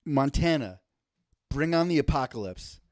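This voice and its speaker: A man's voice: fairly high pitch, normal speed, no echo, clean studio sound. A man co-hosting a casual comedy podcast, telling stories and acting out quotes. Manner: animated storytelling, acts out quotes. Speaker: podcast co-host.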